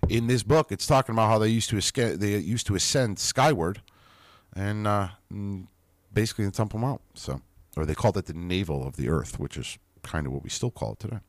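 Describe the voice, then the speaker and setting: A man's voice: on the low side, brisk, no room sound. A man hosting a podcast, reading an old text aloud and breaking off into casual, chatty commentary with mild swearing.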